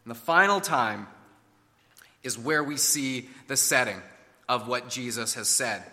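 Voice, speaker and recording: Emphatic preacher in an echoing hall. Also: male voice, medium pitch, unhurried. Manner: emphatic, rising to loud declarations. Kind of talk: sermon.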